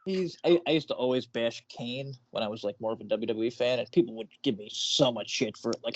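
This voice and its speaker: A man co-hosting a casual podcast, animated and profane, his voice jumping up when excited. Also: fast, no room sound, dull audio. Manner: animated, swearing, jumps in pitch when excited. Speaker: podcast co-host.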